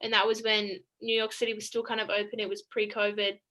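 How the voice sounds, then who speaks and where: Bright-voiced young Australian woman. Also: mid-range voice, little pitch movement, fast talker, slight background noise, poor audio. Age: young adult. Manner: chatty, laughs often between sentences. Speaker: college basketball player. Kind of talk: casual interview over video call. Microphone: video call.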